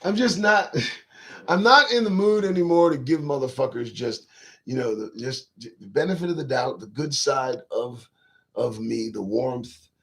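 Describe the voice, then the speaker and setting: A man's voice: mid-range voice, moderate pace, a bit bright. A man hosting his own talk show, riffing in a casual live-stream monologue to viewers' chat, profane, rambling and emphatic.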